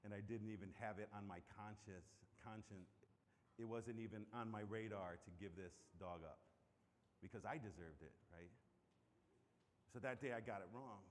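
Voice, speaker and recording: A man preaching a sermon as pastor, telling stories with loud bursts and hushed asides. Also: fairly low pitch, moderate pace, big-room sound, slight background noise.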